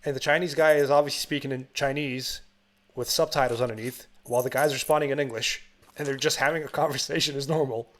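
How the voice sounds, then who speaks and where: A man's voice: medium pitch, steady tone, fast. A podcast co-host from Bulgaria, talking in easygoing casual chat. He rambles and restarts his sentences, uses plenty of fillers, and laughs along as he recaps the plot.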